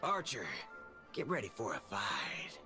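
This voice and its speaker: Casting: a cocky young master, wildly swinging pitch, slow delivery. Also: male voice, wildly swooping pitch, over music. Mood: eager.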